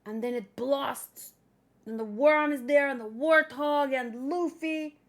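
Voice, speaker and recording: A woman's voice: high voice, slow. A woman reading a comic aloud and chatting about it, gushing and emotional. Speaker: manga read-along host. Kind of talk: casual comic read-aloud with commentary.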